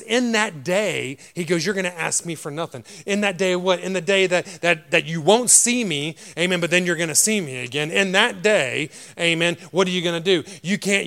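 A man preaches in a church, his voice rough and gravelly and sitting a little high. His sermon rises and falls with animated repetition and frequent amens.

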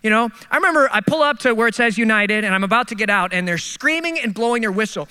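High, bright-voiced pastor telling stories. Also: male voice, fast talker, few pauses, smooth. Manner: comic storytelling with animated exasperated outbursts. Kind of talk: sermon.

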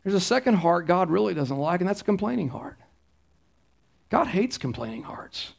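A middle-aged man, preaching a conversational sermon in a church, anecdotal and emphatic. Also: high voice. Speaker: pastor.

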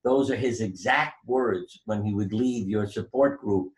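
Older man telling stories, low voice. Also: a little slow, rough recording. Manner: animated storyteller, acts out quoted voices. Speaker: guest, doctor and author. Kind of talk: storytelling interview.

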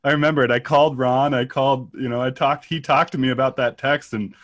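A man's voice: medium pitch, fairly even intonation, fast, fairly bright tone, dry recording. A man, a pastor, interviewing in casual conversation, talking hesitantly with many restarts.

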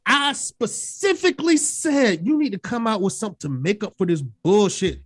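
A woman co-hosting a podcast, talking in an easy, everyday chat style. Her pitch swings widely as she builds her points, and she jumps into high, yelping exclamations whenever she quotes her own reactions. She swears freely and leans hard on her words. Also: moderate pace, husky. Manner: animated and emphatic, profane, acts out her own reactions in sudden high yelps. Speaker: podcast co-host. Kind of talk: casual music review chat.

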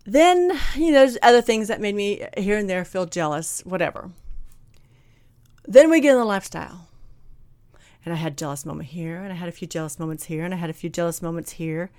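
A woman telling a personal story in a candid, blunt, animated way, acting out what people said. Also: fairly low pitch, fairly quick, dry recording, studio quality. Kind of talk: casual storytelling chat.

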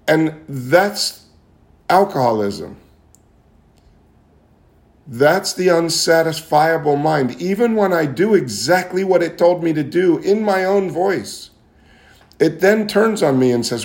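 A man's voice: a little high, lively intonation, slow, long pauses. A man telling his own recovery story in an earnest, confessional way, often repeating phrases as he searches for words. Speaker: speaker sharing recovery story. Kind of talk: personal testimony talk.

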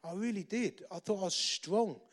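A man preaches by telling his own story. He is animated and jokes at his own expense. His speaking voice sits somewhat high. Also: moderate pace. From England. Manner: animated, self-deprecating humour. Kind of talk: storytelling sermon.

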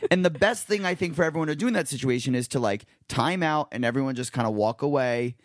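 A man's voice: medium pitch, quick pace, no echo, studio quality. A man around thirty from New Jersey co-hosting a podcast, telling stories casually with lots of fillers. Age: about 30. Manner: relaxed, filler-heavy storyteller. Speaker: podcast co-host. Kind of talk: casual chat.

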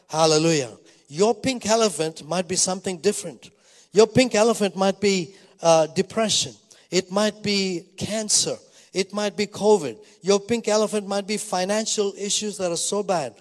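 A middle-aged man preaching in a church with a voice set slightly high. He tells stories and keeps breaking in with hallelujah and praise God. His words ring out with long reverb in a large hall. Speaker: pastor. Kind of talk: sermon.

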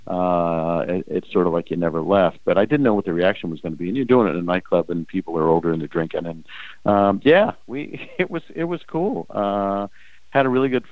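Older guy, low voice, swapping lively show stories, dry dull recording. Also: brisk, dry recording. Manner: animated anecdotes with quoted voices and laughs. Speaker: interview guest, former game show host. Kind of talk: casual storytelling interview.

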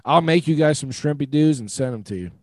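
A man's voice: a little high, animated, a little fast, a little mellow. A man co-hosting a live podcast, laid-back and casual, insisting on finishing his point amid crosstalk. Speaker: podcast co-host.

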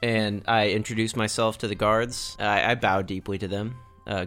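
A man's voice: lowish voice, little pitch movement, moderate pace, a bit bright, soft background music. A man playing in a tabletop game who describes his character's actions in casual chat. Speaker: player.

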